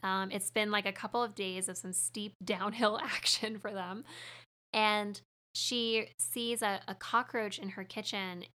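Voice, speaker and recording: A woman's voice: medium pitch, fairly even intonation, unhurried, sharp tone. A young woman talking casually about a movie, chatty, laughing often and acting out lines.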